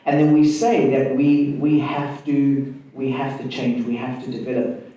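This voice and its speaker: A man on a conference panel talks in a measured, reflective way with a mellow, dark tone. His voice comes from some way off the mic and rings around a very echoey hall. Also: mid-range voice, level tone, far from the mic, highs cut off. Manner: measured, reflective, speaks of prayer and faith. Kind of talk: panel discussion.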